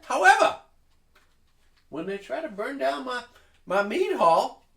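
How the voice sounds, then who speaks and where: A man's voice: extremely high pitch, sing-song, measured pace, vocal fry, fairly bright tone, voice pushed up, heavily acted. A man voicing a flamboyant halfling woman who owns a mead hall, speaking in a grand, theatrical way. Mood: grandly indignant. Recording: echoey room.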